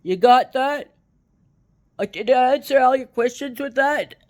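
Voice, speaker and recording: A woman's voice: high-pitched, unhurried, a little mellow. A woman putting on a pompous, boastful older male politician who rambles and repeats himself. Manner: pompous, self-important, repetitive.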